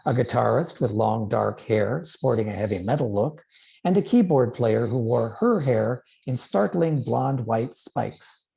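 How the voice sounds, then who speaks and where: A man, a novelist, reading aloud from his own book in a measured, expressive way. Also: medium pitch, vocal fry, rough recording.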